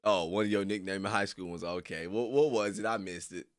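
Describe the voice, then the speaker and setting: A young man streaming casually to his viewers: loose, slangy, laughing often and jumping into high squeals. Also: a little fast. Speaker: streamer reacting to videos. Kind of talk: casual chat with live viewers.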